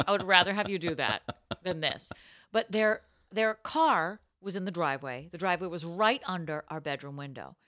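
A woman's voice: lowish voice, moderate pace, fairly bright tone, dry recording, studio quality. A woman co-hosting a casual podcast, telling stories in a playful way, laughing often and swearing freely. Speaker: podcast co-host.

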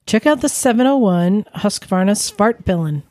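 A woman hosting a podcast, steering the talk with brisk teasing. Her pitch moves a lot, and the sound is close and dry. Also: lively intonation, darkish tone, no room sound. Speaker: podcast host. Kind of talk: casual chat.

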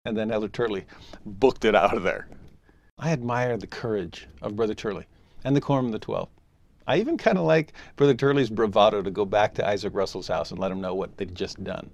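A man teaching a scripture lesson as an animated story, briefly voicing the people he quotes. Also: fairly low pitch, brisk, no echo.

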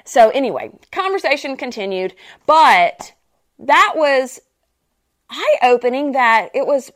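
A woman's voice: high voice, very animated, slow, fairly bright tone. A woman hosting a faith and fitness podcast. She is a personal trainer who tells a story in a chatty way, laughs often and repeats her phrases. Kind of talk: casual chat, storytelling.

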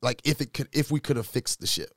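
Earnest man with a gravelly voice. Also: lively intonation, quick pace, no room sound, studio quality. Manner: earnest, speaks from personal experience; grows louder and higher when retelling arguments. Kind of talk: casual discussion.

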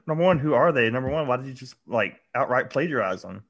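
A man's voice: mid-range voice, expressive, fast talker, fairly bright tone, muffled recording. A young man co-hosting a casual podcast, reacting with jokes and blunt questions. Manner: reactive, joking, blunt interjections. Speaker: podcast co-host.

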